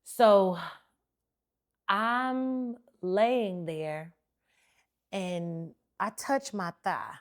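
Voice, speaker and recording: A woman hosting a podcast, telling a personal story in a lively, chatty, informal way full of slang and acted-out dialogue. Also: medium pitch, very slow, pauses often. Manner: animated, chatty retelling with lots of quoted dialogue. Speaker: podcast host.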